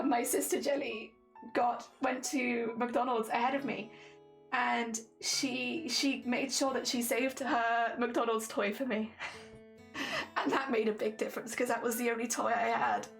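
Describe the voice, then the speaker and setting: Brit girl streamer, kinda high voice, teary and earnest, stumbles and restarts a lot. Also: level tone, faint music behind. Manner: earnest, emotional, halting with restarts. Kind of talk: casual charity livestream chat.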